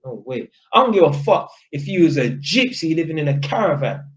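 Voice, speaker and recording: A man's voice: on the high side, sing-song, fairly quick, poor audio. A young man with a London accent, talking straight to camera in a blunt, casual monologue full of street slang, swearing and repeated "innit". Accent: London (Multicultural London English). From England. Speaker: vlogger.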